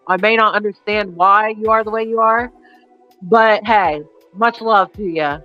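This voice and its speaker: A woman's voice: mid-range voice, a little slow, lo-fi sound, faint music behind. A woman hosting a casual livestream chat with her viewers. Her throat is sore and scratchy, and she swears freely and blows kisses to the chat. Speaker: livestream host.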